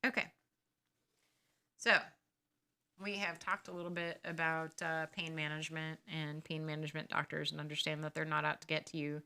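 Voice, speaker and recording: A woman's voice: sits low, flat delivery, moderate pace, creaky, bright, forceful tone. A woman hosting a podcast, talking casually and bluntly about managing chronic pain and giving firm advice. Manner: blunt, advising, grows emphatic and scolding. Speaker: podcast host sharing her experience.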